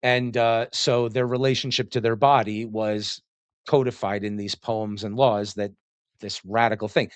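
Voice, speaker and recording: A man's voice: fairly low pitch, steady tone, unhurried, clear, resonant tone, no room sound. A man giving casual, digressive commentary on a classical text he reads aloud, laughing often and slipping into mocking voices for quotes. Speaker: host reading and commenting on classics.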